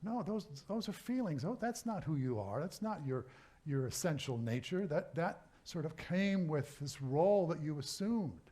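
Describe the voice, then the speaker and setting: A pastor voicing a patient, insistent friend. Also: male voice, fairly high pitch, sing-song, moderate pace, warm tone. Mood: reassuring. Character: patient, reassuring male friend.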